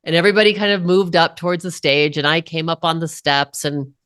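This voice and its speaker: Earnest woman, lower voice. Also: fairly bright tone, clean tone, no echo, studio quality. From Colorado, USA. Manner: earnest, unhurried, with emphatic pauses. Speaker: podcast guest. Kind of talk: personal storytelling in an interview.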